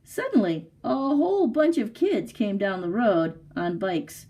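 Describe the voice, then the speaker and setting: A woman librarian reading a picture book aloud for storytime, slow and expressive. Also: mid-range voice. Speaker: youth services librarian.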